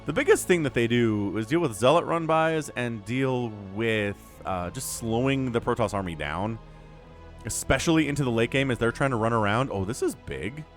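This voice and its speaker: A man casting a strategy game match solo, chatty and rambling with jokey asides. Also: mid-range voice. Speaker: esports caster. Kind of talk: solo play-by-play game commentary.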